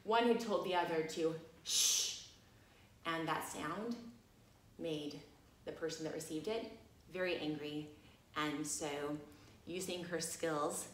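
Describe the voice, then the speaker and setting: Animated woman telling a story, echoey room. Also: deep voice, slow pace, long pauses. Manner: animated, laughing, many fillers like "you know". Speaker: massage college teacher. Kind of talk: casual storytelling talk.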